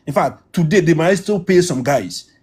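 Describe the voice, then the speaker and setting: A man's voice: on the high side, lively intonation, moderate pace, noisy background. A man speaking as a livestream guest, making an urgent, pleading appeal and repeating his warnings insistently.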